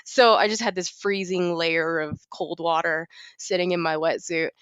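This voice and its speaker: A woman's voice: fairly low pitch, steady tone, moderate pace, a bit bright, clear, resonant tone, no echo, lo-fi sound. A woman co-hosting a podcast, telling a story in a casual chat and laughing often as she goes. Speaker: podcast co-host.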